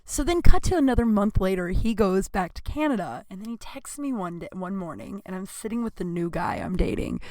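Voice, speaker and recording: A woman's voice: medium pitch, sing-song, brisk, hardly any pauses, mellow, no echo. A woman comedian hosting her podcast, telling blunt, profane personal stories and acting out both sides of conversations.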